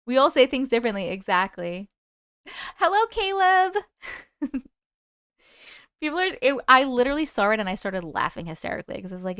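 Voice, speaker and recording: A woman's voice: fairly high pitch, sing-song, a little fast, pauses often, bright, forceful tone, clear, resonant tone, dry recording, clean studio sound. A woman hosting a live stream, chatting casually with viewers, laughing often and swearing freely.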